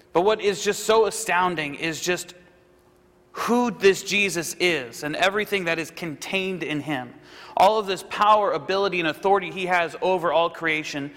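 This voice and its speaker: A man's voice: high voice, fairly bright tone, long reverb tail. A man giving a casual, conversational sermon, often checking in with "right?" and acting out the people he quotes. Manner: conversational, frequent "right?" asides, acts out quotes. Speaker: preacher.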